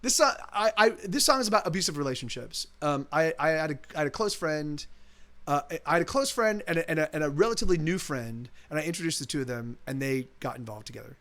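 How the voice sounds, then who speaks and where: A man's voice: fairly high pitch, expressive, fast, fairly bright tone. A man who streams his own music live, talking casually and rambling between songs, often restarting his sentences and swearing freely.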